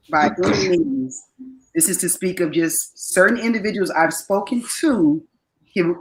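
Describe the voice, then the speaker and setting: Careful, halting woman in podcast chat. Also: lowish voice, fairly bright tone, poor audio. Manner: halting, restarts while choosing words carefully. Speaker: podcast co-host.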